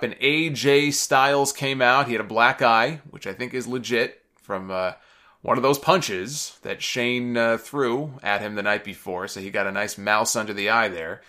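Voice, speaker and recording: Bright-voiced man chatting casually. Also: mid-range voice, normal speed. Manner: chatty and opinionated, frequent "uh" fillers. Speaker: wrestling recap podcast host. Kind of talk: casual spoken recap.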